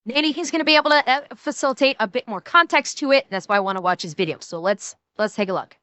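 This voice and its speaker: Woman, streamer, casual reaction talk, blunt and swearing, bright sharp tone, dry close sound. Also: a little high, lively intonation, fast talker, clean tone, no room sound. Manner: blunt and profane, frequent restarts.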